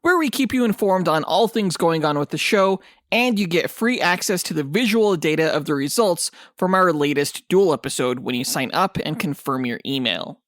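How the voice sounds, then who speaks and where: An enthusiastic man co-hosting a comic book podcast, chatting eagerly about upcoming projects. His voice sits a bit higher than most men's. The sound is close and dry. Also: animated, moderate pace, few pauses, a bit bright, dry recording. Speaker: podcast co-host. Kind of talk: casual podcast chat.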